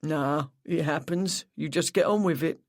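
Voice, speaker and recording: A man's voice: on the high side, unhurried, no room sound, studio quality. Narrator voicing a curt, sullen young cyclist man. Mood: flat. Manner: flat, curt, mumbling replies.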